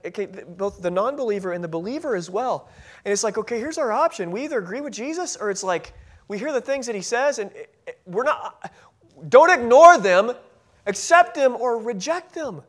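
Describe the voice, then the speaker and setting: A man preaching a sermon as pastor, earnest, often repeating phrases and restarting his sentences. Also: extremely high pitch.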